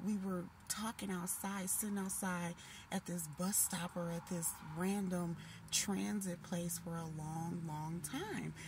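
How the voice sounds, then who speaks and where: A woman in her late thirties telling a long dream story in a casual, animated way, full of restarts. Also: fairly low pitch. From Minnesota. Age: 30s. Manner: animated, emotional retelling with restarts. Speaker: vlogger. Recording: noisy background hiss.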